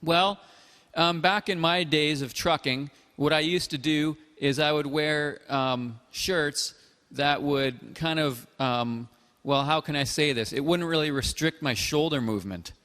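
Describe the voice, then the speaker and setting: A man's voice: a little high, fairly bright tone. Earnest male call-in host with reverb. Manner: earnest, measured, hesitant with fillers. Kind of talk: call-in chat show.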